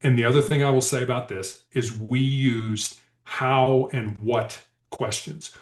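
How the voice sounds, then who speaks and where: Speaking a little slowly in a steady, medium-pitched voice, a man appears as a podcast guest and shares stories from his past as a hostage negotiator. The room is echoey, and his storytelling is conversational, with quoted dialogue acted out animatedly.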